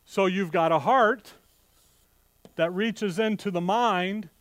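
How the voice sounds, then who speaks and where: A man preaching a conversational sermon, animated and folksy, with joking asides to his congregation. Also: high voice, slow pace, dry recording. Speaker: pastor.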